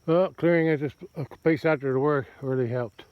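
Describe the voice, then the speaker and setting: A man's voice: fairly high pitch, a little fast, narrow, tinny audio, a little hiss or hum. A man farming outdoors in a pasture, casually narrating his work and chatting aloud to his cattle in a rambling way. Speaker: farmer. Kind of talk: casual self-narrated vlog.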